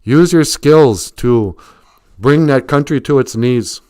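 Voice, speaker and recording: A man's voice: medium pitch, takes it slowly, a little mellow, clear, resonant tone, no echo, studio quality, pitched above the performer's own voice, close to an everyday voice. Man playing a stern proud father. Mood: solemn. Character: stern proud father sending son to war.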